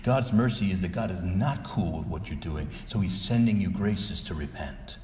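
A man's voice: low voice, animated, moderate pace, darkish tone, long reverb tail, a little hiss or hum. A male Catholic priest preaching a sermon, earnest and exhorting, sometimes pleading with his listeners.

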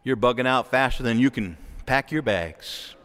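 In church, a male Catholic priest delivers an animated homily, speaking at an ordinary pace with medium pitch. He performs the quoted voices, laughs softly throughout, and the audio has a big-room sound.

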